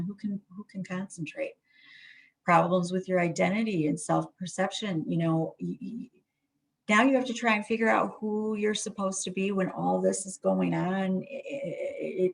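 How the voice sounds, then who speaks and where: A woman's voice: lowish voice, vocal fry, slightly rough. A middle-aged woman therapist giving a presentation on trauma in a conversational way, full of fillers and restarts.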